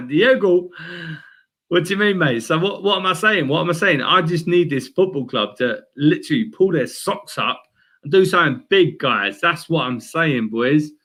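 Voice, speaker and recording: A young man talking football in an energetic, slangy casual chat, calling everyone mate. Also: on the high side, normal speed. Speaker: guest fan. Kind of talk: casual fan chat stream.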